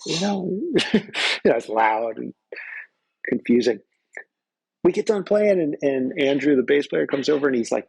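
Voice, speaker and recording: A man's voice: mid-range voice, expressive, normal speed, gravelly, pauses often, darkish tone, slightly rough, no room sound, poor audio. A man and guest musician telling loose, profane anecdotes in casual conversation on a close microphone. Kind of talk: casual storytelling.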